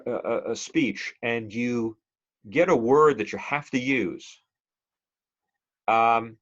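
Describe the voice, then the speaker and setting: A man's voice: mid-range voice, muffled recording. A male instructor giving a conversational, digressive classroom lecture and quizzing the class with questions.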